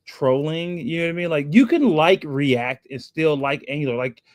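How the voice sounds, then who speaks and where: A man's voice: on the high side, expressive, normal speed, no echo, clean studio sound. Upbeat, hype-driven male stream co-host. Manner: upbeat, greets viewers by name, hype phrases. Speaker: co-host of a developer live stream. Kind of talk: casual live-stream chat.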